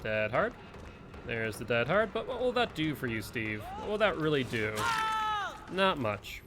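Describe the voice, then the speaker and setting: A man's voice: medium pitch, very animated, unhurried, over music. A man streaming a video game, chatting casually and musing aloud about the match and the game's balance. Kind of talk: gameplay commentary.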